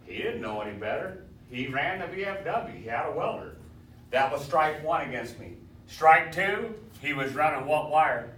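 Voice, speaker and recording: A man's voice: fairly high pitch, animated, normal speed, a bit bright. Swaggering male welding teacher, echoey room. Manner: swaggering storyteller, quizzes students. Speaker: welding instructor. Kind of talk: classroom lecture. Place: classroom. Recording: echoey classroom, far from mic, faint hiss.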